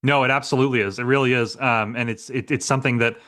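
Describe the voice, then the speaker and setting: A man's voice: medium pitch, fairly even intonation, fast talker, a bit bright. A man hosting an interview podcast, chatty and friendly, laughing often and restarting his sentences. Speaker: podcast host. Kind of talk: casual interview chat.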